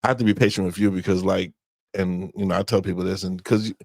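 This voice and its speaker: A man co-hosting a marriage podcast, talking with his wife in a calm, dry, matter-of-fact way. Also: deep voice, fast talker, vocal fry, dry recording. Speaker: podcast co-host. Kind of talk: casual conversation with spouse.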